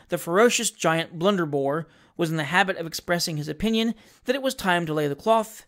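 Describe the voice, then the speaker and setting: A woman reading a classic novel aloud as narrator, in a measured, expressive storytelling manner. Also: fairly low pitch. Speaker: audiobook narrator.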